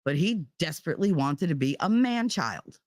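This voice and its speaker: Heated, foul-mouthed woman streamer, low voice. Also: expressive, moderate pace, a little mellow, no room sound, studio quality. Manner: heated, profane storytelling. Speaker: live streamer. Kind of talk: casual chat. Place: home.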